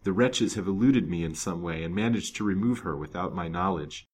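A man's voice: low-pitched, brisk, a little hiss or hum, close to an everyday voice. A man reading the part of a resolute, gallant detective in a storybook, grave and determined. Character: determined, gallant male detective, kind but stern.

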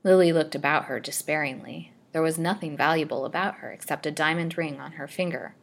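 A woman storyteller narrating an old serial novel chapter in a steady, measured reading. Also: low-pitched, gravelly.

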